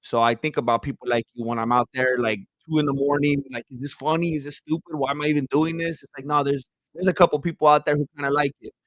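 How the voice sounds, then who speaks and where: A young man with a high, bright voice hosts a casual livestream, bursting into laughter and exclamations as he reads out viewer comments. His voice is going hoarse from hours of talking. The sound is close and dry, with no room around it. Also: fast, hardly any pauses, dry recording. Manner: excitable, laughs often, trails into quieter sincere thanks. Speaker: livestream host. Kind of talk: casual live-stream chat reading viewer comments.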